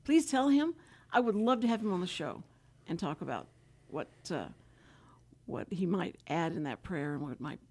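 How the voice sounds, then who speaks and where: A chatty woman hosting a community radio talk show. She rambles in a relaxed, casual way and giggles often between her questions. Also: lowish voice, moderate pace, slightly rough. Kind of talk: casual radio interview chat.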